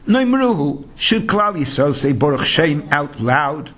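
In a Talmud lesson delivered in Yeshivish English, a rabbi chants the text in a sing-song and drops in Hebrew and Yiddish terms. His voice is fairly high and fairly bright, swinging widely in pitch at an unhurried pace.

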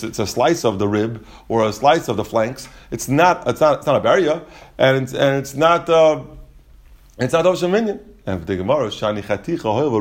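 A man explaining Talmud in a casual class, rapid and full of restarts and asides. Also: medium pitch. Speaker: Talmud teacher.

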